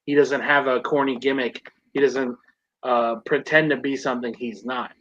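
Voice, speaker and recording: A man's voice: mid-range voice, fairly even intonation, normal speed, a bit bright, dull audio. A man co-hosting a podcast, giving emphatic and enthusiastic opinions in casual chat. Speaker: podcast co-host.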